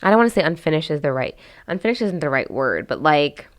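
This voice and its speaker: Speaking fast in a low, sing-song voice, a woman hosts a casual commentary vlog, chatty and candid, full of fillers and restarts as she offers her opinions.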